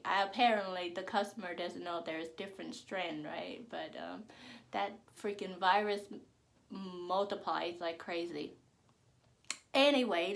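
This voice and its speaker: A woman from Arkansas, telling a story to her vlog audience in a blunt, profane, casual way. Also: medium pitch. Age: adult. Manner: blunt and profane, animated when quoting others. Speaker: vlogger.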